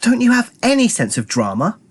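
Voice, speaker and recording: A man's voice: extremely high pitch, huge pitch swings, brisk, husky, voice pushed up, full character voice. A man voicing a bossy, theatrical girl who loves adventure stories, in a storybook reading.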